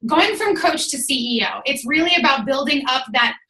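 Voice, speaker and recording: A woman's voice: high-pitched, expressive, moderate pace, sharp tone, reverberant, poor audio. A woman fitness coach giving an emphatic motivational talk on a video call, a little out of breath. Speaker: guest speaker, fitness coach.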